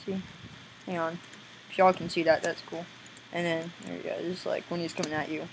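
A young woman giving casual gameplay commentary, excitable and squealing now and then, often breaking into silly voices. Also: on the low side, fairly quick, vocal fry, a little hiss or hum, poor audio. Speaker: gameplay video maker.

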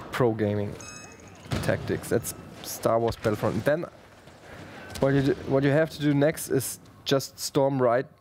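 Slow, joking man over game noise. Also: mid-range voice. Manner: joking, self-mocking, slow and drawn out. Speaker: let's play host. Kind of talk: casual gameplay commentary.

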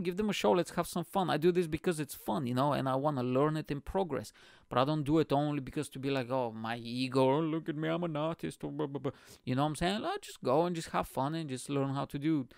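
A young man telling a comedy-gig story in a casual, animated monologue, swearing and acting out the scene. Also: on the high side, clear, resonant tone, dry recording, studio quality. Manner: animated, swearing, acts out scenes with chummy slang. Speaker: stand-up comedian and podcast host.

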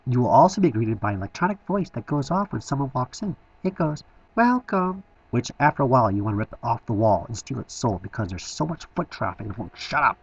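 A man's voice: medium pitch, husky, lo-fi sound. A man giving a scripted voice-over tour of a toy store, enthusiastic with wry asides.

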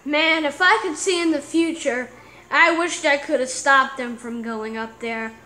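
A woman's voice: high-pitched, unhurried, bright, forceful tone. A woman voicing Batman, an earnest male cop who narrates a homemade mini movie in a melodramatic way. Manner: earnest, melodramatic, hums "dun dun" stings.

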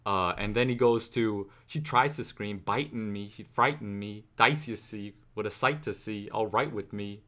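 A young man with a fairly low voice talks casually through a song reaction. He slows down to recite lyrics and picks apart the rhyme scheme as he goes, in a loose, analytical way. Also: a bit bright. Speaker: music reaction host.

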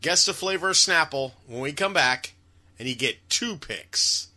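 A man's voice: fairly high pitch, expressive, unhurried, pushed and bright. A man hosting a casual comedy chat show, joking crudely with his co-host.

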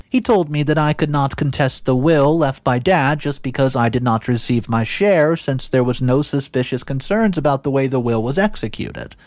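A man narrating a story in the first person, animated and playful, with asides to his listeners. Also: medium pitch, no room sound. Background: faint background music.

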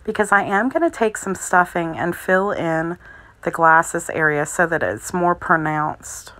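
A woman with a slightly low voice walks through a crochet project one step at a time. She talks calmly and methodically, describing each stitch as she makes it. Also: a little slow, low-quality recording. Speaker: crochet instructor. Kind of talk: step-by-step craft tutorial.

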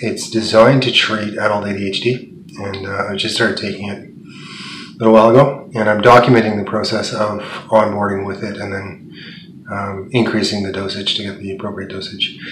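A man talking casually to his viewers in a vlog, chatty and relaxed, with plenty of fillers. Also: lowish voice, moderate pace, noisy background. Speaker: vlogger. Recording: music playing behind the voice.

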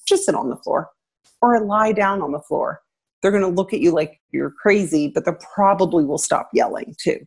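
Here is a middle-aged woman with a husky, slightly low voice, talking through parenting tips in an easy interview. She is animated and now and then jumps up high to act out a parent or child. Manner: animated, acts out parents and kids in a raised voice. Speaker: parenting guest expert, former teacher. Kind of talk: conversational advice interview.

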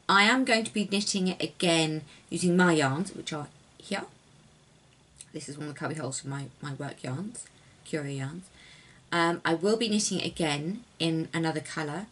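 A young woman chats casually to the camera about her knitting, her voice soft and a little breathy. She rambles easily and often trails down to near-whispers. Her pitch sits slightly low. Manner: rambling, softly spoken, drops to near-whispers. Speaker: knitting designer and yarn dyer. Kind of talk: casual chatty craft vlog.

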